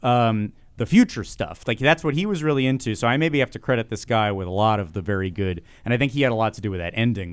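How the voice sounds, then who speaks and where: A man co-hosting a podcast in casual chat, excitable and laughing often, tripping over his words. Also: lowish voice, no echo. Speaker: podcast co-host.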